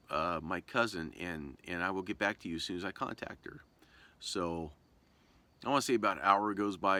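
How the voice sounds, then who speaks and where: Rambling low-voiced man telling a story. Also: sharp tone. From Southern Oregon. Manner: rambling, many fillers and restarts. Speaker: vlogger. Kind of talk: casual storytelling.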